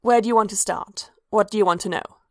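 A woman's voice: medium pitch, quick pace, vocal fry, no room sound, natural voice. A woman voicing a shrewd, dazed young elf woman with a dry, wry manner, recorded dry and close.

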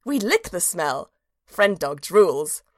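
A woman's voice: fairly low pitch, takes it slowly, no echo, clean studio sound, pitched below the performer's own voice, heavily acted. A woman as an earnest, cheerful little dog narrating. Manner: earnest childlike storytelling, animated. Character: cheerful simple-minded small dog narrator. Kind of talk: storybook narration.

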